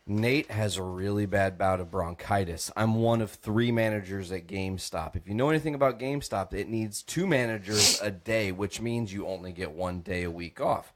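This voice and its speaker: Low-voiced man telling a wild story. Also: moderate pace. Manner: acts out voices, swears freely, laughs often. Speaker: podcast host. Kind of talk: animated storytelling on a comedy podcast.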